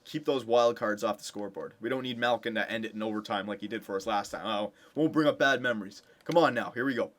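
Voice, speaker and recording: Young male gameplay commentator, eager and chatty, swings between hyped cheering and low muttering. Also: quick pace, hardly any pauses. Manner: excited cheering for his team. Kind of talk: casual video game commentary.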